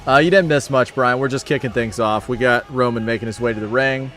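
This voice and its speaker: Faint music plays behind a male livestream host whose mid-range voice has a fairly bright tone and a fairly quick pace. He's upbeat and friendly in this casual chat, reading viewer comments and thanking viewers by name.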